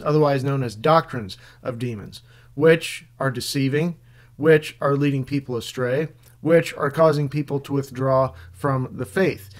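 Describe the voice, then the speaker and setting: A man narrates a Bible teaching in a steady, measured read, quoting scripture passages between his points. His voice sits slightly high for a man. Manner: measured, reads scripture aloud.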